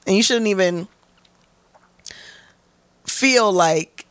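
In an interview, a young woman guest tells stories in a blunt, profane, animated way, acting out the quotes and speaking candidly. Her mid-range voice moves extremely slowly, and there's no echo.

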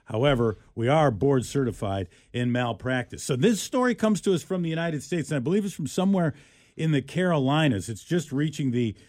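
A man's voice: medium pitch, expressive, fairly quick, a little mellow, no room sound, studio quality. A man co-hosting a radio show, chatting casually and jokingly about an odd news story, often restarting his sentences. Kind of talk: casual talk radio banter.

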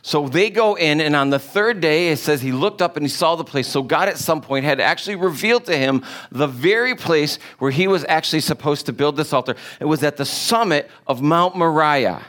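Guy preaching, fired up, keeps asking the crowd questions, voice sits a bit high. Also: a little fast, few pauses. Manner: animated, emphatic rhetorical questions. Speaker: pastor. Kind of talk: sermon.

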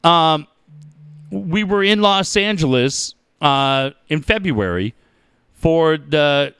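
A middle-aged man hosting a talk show, telling stories in a profane, animated way and acting out the people in them. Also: on the high side, takes it slowly, clean tone, no echo. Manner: profane, animated storytelling with acted-out voices. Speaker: radio show host. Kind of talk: casual storytelling chat.

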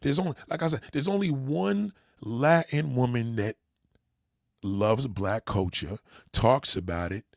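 A man's voice: medium pitch, a little slow, vocal fry, a little mellow, no echo, studio quality. A man with a New York accent hosting a livestream, talking emphatically and addressing his viewers directly. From New York City. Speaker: livestream host. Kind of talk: opinionated livestream rant.

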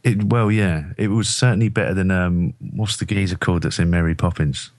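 A man's voice: deep voice, a little fast, darkish tone, no room sound. A man guesting on a casual podcast chat, rambling and self-deprecating with many restarts. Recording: dry close audio.

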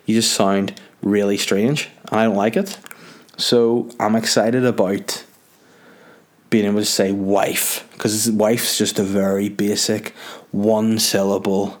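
A man's voice: lowish voice, steady tone, normal speed, a little mellow. A young man with a Northern Irish accent hosting his podcast, rambling and joking at his own expense in casual chat. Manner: rambling, jokey, self-mocking. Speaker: podcast host.

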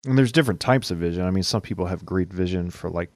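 A man with a very low voice chats casually on a podcast, wandering through his thoughts with plenty of filler words. The sound is dry and close to the mic. He talks as a co-host and husband and father. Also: fast talker, darkish tone, no room sound. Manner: rambling, lots of "like" fillers. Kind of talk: casual chat.

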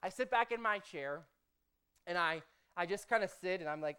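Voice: mid-range voice, moderate pace, clear, resonant tone. A pastor preaching a sermon, telling a personal story in a chatty way, often tossing in "okay?" and "right?" and acting out their own prayers. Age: adult, formerly a motivational speaker. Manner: conversational, punctuates with "okay?" and "right?"; lively storytelling, acts out own quoted prayers.

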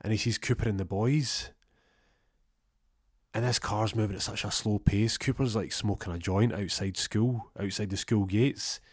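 A man's voice: on the low side, moderate pace, breathy edge, no room sound, clean studio sound. A man telling a comic story, rambling and sweary with stumbling restarts.

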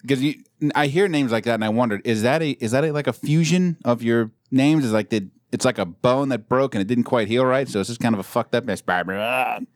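A man's voice: medium pitch, a little fast, hardly any pauses, no room sound, studio quality. A man in casual podcast chat, joking and rambling with plenty of swearing.

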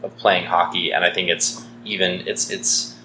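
A man's voice: low voice, flat delivery, normal speed, sharp tone. A young man from Saskatchewan with a Canadian accent, co-hosting a podcast in casual chat, opinionated and dryly joking, with many ums. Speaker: podcast co-host. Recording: echoey room with faint noise.

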